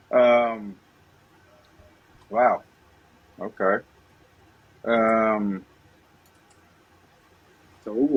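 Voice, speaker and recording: A man's voice: fairly low pitch, vocal fry, breathy edge, muffled recording. A man hosting a casual podcast over a phone, talking in a rambling, apologetic way and repeating himself. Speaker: podcast host.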